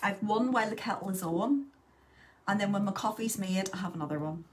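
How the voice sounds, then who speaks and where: A woman's voice: mid-range voice, brisk. Woman, thirties, casual live makeup tutorial, chatty, answers viewers.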